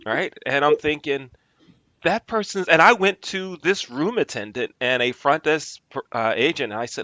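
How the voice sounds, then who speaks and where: A podcast host conducts a casual interview, telling stories with frequent restarts. His slightly high voice has a sharp tone and a moderate pace. The audio is dull, without echo.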